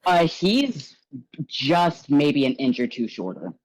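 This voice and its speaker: Low-voiced, animated woman game master. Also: takes it slowly, rough recording. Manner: casual, swears, self-deprecating, animated. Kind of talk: narrating a tabletop role-playing game.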